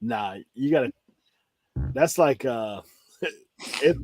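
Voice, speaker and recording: A man's voice: medium pitch, lively intonation, slow, darkish tone, husky, dry recording, soft background music. A man telling rambling stories in a casual chat, laughing often. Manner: laid-back rambling storyteller, laughs often. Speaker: co-host reseller.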